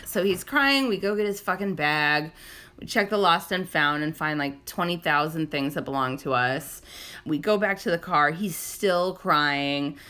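Woman, 30s, lower pitch, casual co-host who rambles, swears, and acts out quotes. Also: unhurried, pushed and bright, smooth. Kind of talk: casual storytelling chat.

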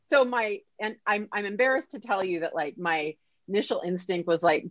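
A woman who is a guest on a podcast, telling a story in a lively way and acting out the lines people said to her. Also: mid-range voice, moderate pace, no room sound. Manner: animated, acts out quoted dialogue. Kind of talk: casual storytelling interview. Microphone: podcast mic. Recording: dull lo-fi sound.

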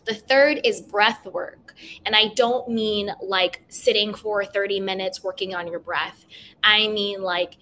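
A woman hosting a self-help podcast, talking gently and repeating affirmations, with many "you know" fillers. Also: medium pitch, steady tone, unhurried, slight background noise. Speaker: podcast host.

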